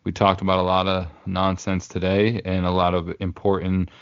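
A man's voice: sits low, completely flat delivery, moderate pace, clean tone, dry recording. A man co-hosting a podcast, rambling and joking in casual chat. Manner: rambling, joking, lots of fillers. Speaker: podcast co-host. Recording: dull lo-fi dry recording.

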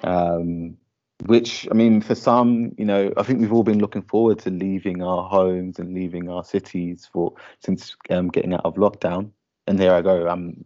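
A man's voice: low-pitched, level tone, normal speed, mellow, dull audio. A man co-hosting a podcast in casual chat, laughing easily and talking with lots of fillers. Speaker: podcast co-host. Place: lives in Shanghai.

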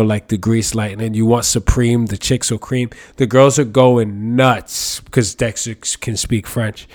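A young man hosting a solo podcast, rambling casually with jokes and swearing. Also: medium pitch. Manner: rambling, profane, joking. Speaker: podcast host. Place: New York City.

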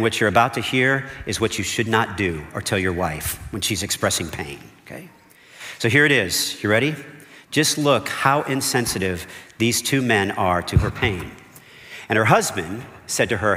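A man's voice: mid-range voice, moderate pace, fairly bright tone. A man, a pastor, delivering a conversational sermon, often checking in with "okay?" and "right?". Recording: long hall reverb.

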